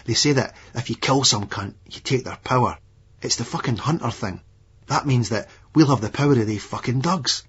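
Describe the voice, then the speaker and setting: A man's voice: medium pitch, normal speed, husky. A man voicing a menacing, unhinged Edinburgh hard man in an audiobook, sneering and coarse in his taunts. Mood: wired. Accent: Scottish, Edinburgh. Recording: dull lo-fi audiobook recording.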